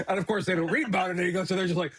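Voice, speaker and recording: A man, a pastor co-hosting a casual Bible discussion, talking in an animated, joking way and acting out quotes in a raised voice. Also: high-pitched, racing, slightly rough. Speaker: pastor and podcast co-host.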